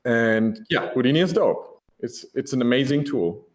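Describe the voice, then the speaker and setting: A man's voice: medium pitch, lively intonation, normal speed. A man giving a casual, enthusiastic conference presentation, laid-back and full of ums.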